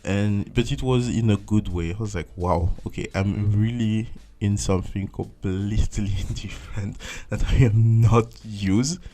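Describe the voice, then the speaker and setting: Animated young Frenchman telling a story. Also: lowish voice, a little slow, few pauses, noisy background. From France. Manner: animated, acts out his own past thoughts in swooping voices. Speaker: former international volunteer. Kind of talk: casual interview storytelling.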